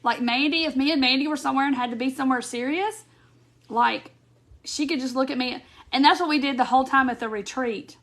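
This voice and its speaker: A high-pitched woman hosts a casual live craft stream. She talks loosely to her viewers and breaks into giggles easily. The sound comes through a phone or webcam mic. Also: fairly quick, a bit bright. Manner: giggly, laughs often while talking. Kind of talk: casual live chat reading viewer comments.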